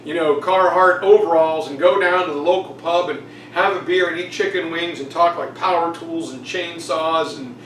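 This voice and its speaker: A man's voice: fairly high pitch, normal speed, hardly any pauses, fairly bright tone, roomy sound, far from the mic, slight background noise, poor audio. A man teaching a casual exam review, jokey and chatty, acting out quotes. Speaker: history teacher.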